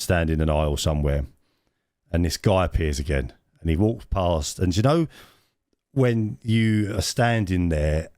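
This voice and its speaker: Low-voiced man telling a rambling story. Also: a little mellow, no echo, clean studio sound. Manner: rambling anecdote with frequent laughs and restarts. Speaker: podcast co-host. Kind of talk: casual storytelling chat.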